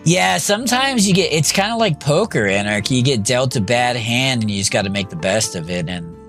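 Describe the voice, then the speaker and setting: A man live-streaming a game, thinking out loud and answering his chat as he goes. His pitch swings up and down a lot while he talks, and faint music plays behind him. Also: very animated, brisk. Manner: scattered, self-talking, reacting to chat. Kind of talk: casual live-stream commentary.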